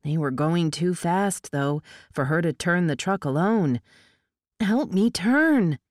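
Brief: low-pitched woman, audiobook narrator; steady and measured, dry close mic. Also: no echo. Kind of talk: scripted narration of a novel.

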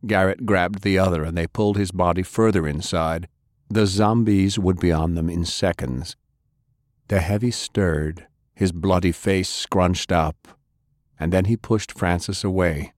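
A man narrating an action audiobook, jumping in pitch as he voices the characters. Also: steady tone, normal speed, darkish tone, no echo, studio quality. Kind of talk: dramatic audiobook reading.

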